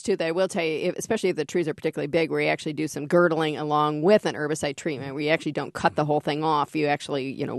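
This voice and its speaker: A woman's voice: deep voice, gravelly, no echo, clean studio sound. A woman gardening expert answering radio callers in a casual, friendly way, laughing easily and explaining with hedges. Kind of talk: casual radio call-in advice. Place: radio studio.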